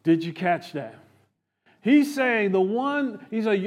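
A man delivers a sermon in a fairly high voice. His preaching is animated, swinging between loud, excited peaks and quiet, low asides. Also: slow pace. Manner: animated preaching, rising and falling emphasis. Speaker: pastor.

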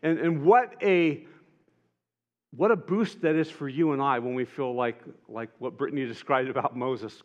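A man preaching a sermon in an earnest way, rising to emphatic peaks and dropping soft and tender at moments. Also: medium pitch, moderate pace, muffled recording. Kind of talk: sermon retelling gospel scenes.

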